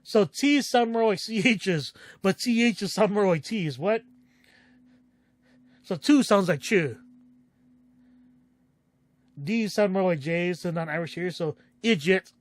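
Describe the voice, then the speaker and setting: A male streamer chatting casually, reading text aloud haltingly and correcting himself as he goes. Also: high-pitched, no room sound. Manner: musing, reads aloud haltingly, self-correcting. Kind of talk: casual stream chat, reading game dialogue and notes aloud.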